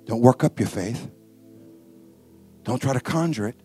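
A man preaching a lively sermon, swinging from booming to hushed and laughing often. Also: a little slow, faint music behind. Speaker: pastor.

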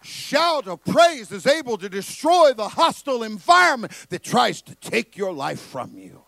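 A man preaching a fiery sermon who calls on the congregation to answer back and builds his lines up into shouts. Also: very high voice, big pitch swings, measured pace, vocal fry, no room sound.

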